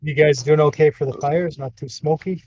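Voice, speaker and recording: A man with a husky, mellow voice talks in an easygoing way on a live stream. The audio sounds dull and lo-fi. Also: a little high, fairly even intonation, moderate pace. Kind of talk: casual livestream chat.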